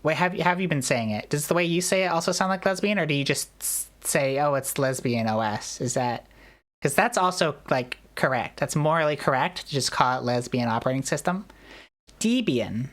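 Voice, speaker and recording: Low-voiced woman streamer chatting. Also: expressive, fairly quick. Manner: rambling, self-deprecating, jokey. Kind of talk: casual chat.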